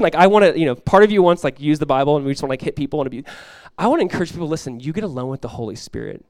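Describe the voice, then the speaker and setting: A male pastor preaching in a conversational sermon style, dropping to a hushed voice when acting out prayers. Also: fairly high pitch, animated, very fast, hardly any pauses, no room sound, studio quality.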